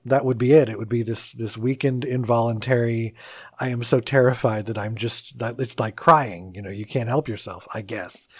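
Casual chat co-host, calm measured talk, frequent laughter, mid pitch, dry close sound. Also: no room sound. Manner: laughs often, acts out quoted voices.

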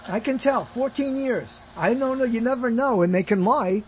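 A man's voice: very high-pitched, normal speed, a little hiss or hum. A man giving bemused, off-the-cuff commentary as he browses live streams and reads the comments aloud.

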